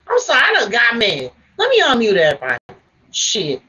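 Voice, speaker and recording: Woman, livestream host, confrontational, cursing, high voice. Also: wildly swooping pitch, fairly quick, sharp tone, husky, poor audio. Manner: confrontational, swearing, repeating demands. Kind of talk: heated livestream argument.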